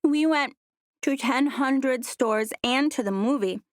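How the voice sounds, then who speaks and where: A woman voicing a cheerful, chatty little girl in an audiobook, bubbly and excited. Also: sits high, takes it slowly, no echo, studio quality, voice pushed up.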